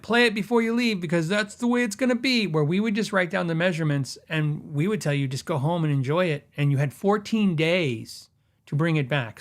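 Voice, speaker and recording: A middle-aged man with a somewhat high voice tells stories in a loose, rambling way. He acts out quoted back-and-forth dialogue and keeps the tone casual and chatty, like a podcast host. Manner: rambling, animated anecdotes with laughs and quoted dialogue. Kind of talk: casual storytelling.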